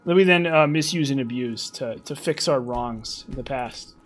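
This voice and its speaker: A man's voice: mid-range voice, normal speed, fairly bright tone, faint music behind. Rambling man streaming a game. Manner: rambling, many restarts and repeats. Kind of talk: casual gameplay commentary.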